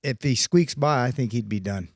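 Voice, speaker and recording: A man's voice: mid-range voice, normal speed, darkish tone, dry recording, studio quality. Man arguing his point on a boxing panel. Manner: argues in long hedged sentences with many restarts. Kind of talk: panel debate.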